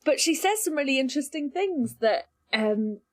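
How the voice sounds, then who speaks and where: A woman priest co-hosting a casual podcast, retelling a show with animated, acted-out quotes. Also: high-pitched, normal speed. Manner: animated retelling, acting out quotes in jumpy voices.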